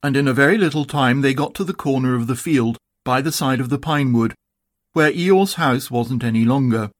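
A man narrating a children's storybook with a gentle, measured reading. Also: medium pitch, no echo, clean studio sound.

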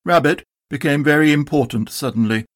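A man's voice: a little high, fairly quick, dry recording, studio quality. Man reading a children's storybook aloud. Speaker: narrator.

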